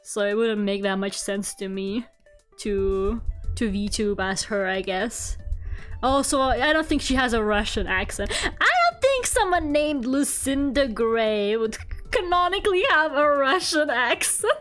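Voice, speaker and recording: High-voiced rambling woman streamer. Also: expressive, a little slow, fairly bright tone, soft background music. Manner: rambling, heavy use of "like", giggly. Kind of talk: casual chat while drawing.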